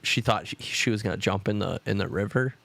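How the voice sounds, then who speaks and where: A man's voice: fairly low pitch, brisk, vocal fry, fairly bright tone, no echo. A man co-hosting a podcast in casual chat, telling rambling stories, swearing often and acting out quotes. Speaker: podcast co-host.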